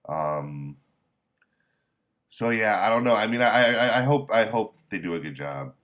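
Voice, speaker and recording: A man chatting casually as a manga reviewer, rambling and halting, with candid, mildly profane remarks. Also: fairly low pitch, lively intonation, fairly bright tone. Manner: rambling, halting with many restarts. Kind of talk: casual chat.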